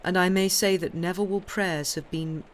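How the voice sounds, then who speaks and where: A woman voicing a calm, devout male priest with an Italian accent, speaking in a measured, earnest way. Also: fairly low pitch, slight background noise, natural voice. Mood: solemn.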